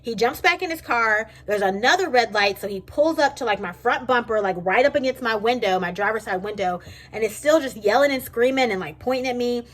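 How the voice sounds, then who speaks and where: A young woman, casually vlogging and telling a story in a chatty, animated way from her kitchen. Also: on the high side, fairly quick, hardly any pauses. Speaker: beauty vlogger. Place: home kitchen.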